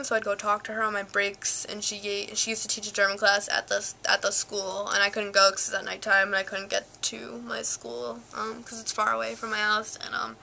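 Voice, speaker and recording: A woman's voice: medium pitch, creaky, bright, forceful tone, a little hiss or hum. A young woman vlogging casually, rambling with lots of "like" and "um", filmed on a handheld camcorder. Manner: rambling, full of fillers and "like". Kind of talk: casual chat. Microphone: flip cam.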